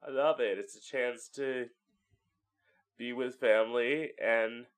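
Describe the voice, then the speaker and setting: Hosting his own podcast from home, a man talks slowly in a mid-range voice with fairly even intonation. The solo monologue is casual, chatty and candid, full of swearing, and he acts out voices for effect.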